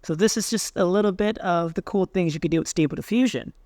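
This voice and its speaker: Man in a tutorial voice-over, easygoing and thinking aloud, slightly high voice, dry close recording. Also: fast talker, dry recording. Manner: relaxed, thinking aloud with fillers. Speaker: tech tutorial host. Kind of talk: screen-recorded software walkthrough.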